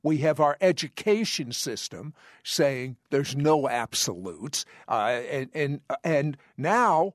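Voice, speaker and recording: A man hosting an interview, speaking earnestly with halting restarts. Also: a little high, lively intonation, no room sound, clean studio sound. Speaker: host. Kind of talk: interview chat.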